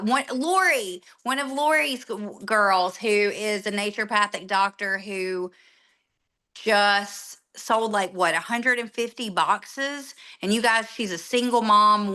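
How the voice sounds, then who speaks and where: A woman coaching a sales team, emphatic and animated, acting out little quoted exchanges. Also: mid-range voice. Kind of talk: enthusiastic coaching talk.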